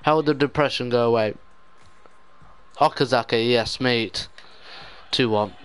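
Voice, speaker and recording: A man's voice: medium pitch, measured pace, a bit bright, a little hiss or hum. A young man giving live gameplay commentary, despairing and muttering with sudden outbursts. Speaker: gaming YouTuber.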